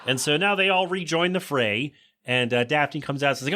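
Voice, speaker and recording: A man hosting a podcast, recapping a sitcom episode in a casual, joking way and quickly voicing the characters' lines. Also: on the high side, bright, forceful tone. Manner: chatty, joking asides, quick quoted voices of characters. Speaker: podcast host.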